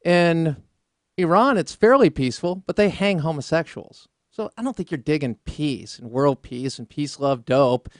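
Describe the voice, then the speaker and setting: A man's voice: a little high, animated, normal speed, no echo, studio quality. A man hosting a political talk radio show, combative and sarcastic, rambling through asides. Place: radio studio.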